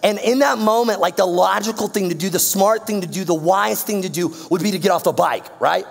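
A man's voice: high-pitched, fairly quick, vocal fry, in a large hall. A young man from Georgia, telling a slangy, playful story to a youth audience. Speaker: youth speaker.

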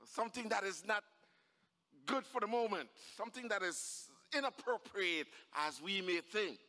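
Male pastor, fervent sermon, high bright voice, long church reverb. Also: animated, moderate pace. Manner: fervent, building to shouts. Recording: echoey church hall.

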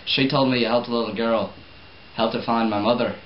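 Young guy as an earnest, fumbling boss in an amateur skit; boomy room, muffled lo-fi sound. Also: fairly even intonation, fairly quick, crowd noise, natural voice. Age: young adult. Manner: stumbles over lines, restarts takes. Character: grateful male company boss, earnest and fumbling. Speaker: student actor. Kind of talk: amateur class-project acting with outtakes. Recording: echoey lo-fi room recording with noise.

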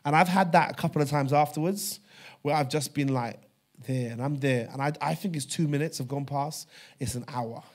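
A man preaching a sermon, telling a personal story with fervor, dropping to a hush and then rising loud. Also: fairly high pitch, normal speed. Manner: fervent storytelling, swings from hushed to loud. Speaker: pastor.

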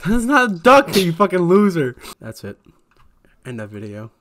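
A man's voice: high voice, wildly swooping pitch, normal speed, fairly bright tone. A man hosting casual reaction commentary, swearing often and laughing a lot. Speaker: host.

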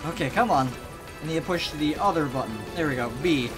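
A let's play gamer giving excitable commentary, swearing and yelling at the game. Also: medium pitch, a little fast, over music. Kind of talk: gameplay commentary.

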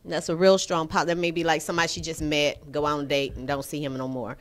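A woman's voice: deep voice, flat delivery, quick pace. A woman co-hosting a relationship talk show, frank and emphatic in casual chat.

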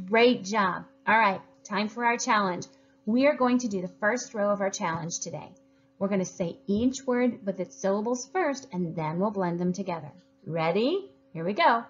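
A woman teaching a phonics lesson to young children, sounding out words slowly and praising often. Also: mid-range voice, animated, husky. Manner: slow, drawn-out sounding of words; upbeat, encouraging. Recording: dull lo-fi recording.

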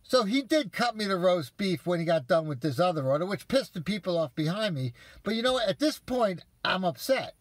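A man's voice: sits high, sing-song, fairly quick, few pauses, dry recording. A man telling viewers an exasperated story in a casual, profane rant. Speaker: vlogger ranting to viewers.

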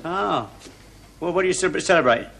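A chatty cocky busybody, brags nonstop, bright highish voice. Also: male voice, animated, moderate pace, vocal fry, heavily acted. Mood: nosy. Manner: boastful, nosy, chatty. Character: cocky working-class male busybody, self-praising. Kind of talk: TV sketch comedy acting.

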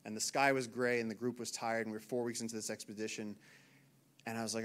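A man in his thirties from the United States, a naturalist giving an animated storytelling talk to an audience in a lecture hall. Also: lowish voice, fast talker. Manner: animated, acts out shouted quotes.

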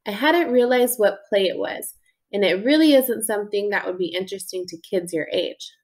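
A woman voicing a worried, firm mother of two who speaks calmly but sternly. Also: medium pitch, moderate pace, close to an everyday voice.

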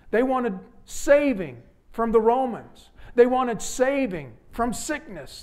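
Standing at a church pulpit, a fairly high-voiced man delivers a sermon in the sanctuary. He alternates between hushed, sincere appeals and loud, dramatic outbursts.

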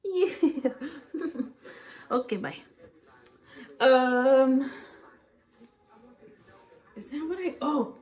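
A woman vlogging about her shopping finds, chatting casually to camera and gushing with excitement over each item. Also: high voice, very slow, long pauses.

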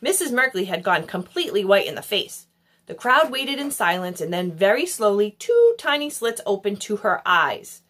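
A woman narrating a children's novel in an expressive storybook style. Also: mid-range voice, normal speed. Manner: expressive, animated. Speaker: audiobook reader.

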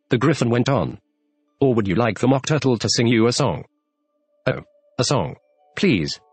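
Male storybook narrator, husky, animated delivery, dry sound with soft music under it. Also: mid-range voice. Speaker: audiobook narrator. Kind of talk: scripted narration.

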